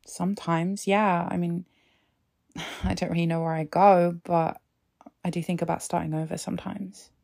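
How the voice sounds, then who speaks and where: A young woman playing a nervous young woman in danger, hesitant and soft-spoken. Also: fairly low pitch, little pitch movement, normal speed, vocal fry. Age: young adult. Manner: hesitant and soft, breaking into panic.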